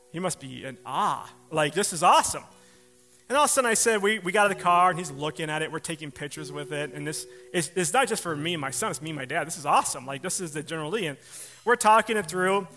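A man's voice: fairly high pitch, pushed and bright. A man preaching a sermon, telling a personal story with laughs and acted-out quotes. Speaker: pastor.

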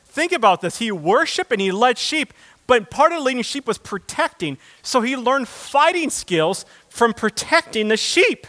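A man preaching a sermon as pastor, building to loud impassioned passages and then dropping low and quiet. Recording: long hall reverb.

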